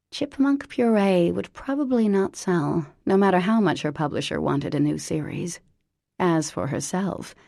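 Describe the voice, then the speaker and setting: A woman reading an audiobook in a wry, deadpan narrating manner. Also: sits low, vocal fry, no room sound, clean studio sound.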